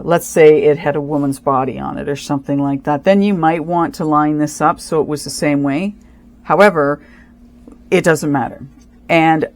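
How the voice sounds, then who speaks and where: A woman with a low voice narrates her craft work in a relaxed, chatty way. She thinks out loud, often breaks off and restarts her sentences, and explains each step with care. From Canada. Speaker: craft channel host. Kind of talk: casual craft tutorial narration.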